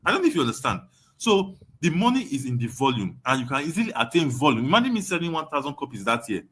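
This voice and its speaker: A man's voice: on the high side, very animated, fast talker, fairly bright tone, breathy edge. A young adult Nigerian man teaching an online webinar, emphatic, repeating his points and often asking "you understand?". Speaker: online course tutor.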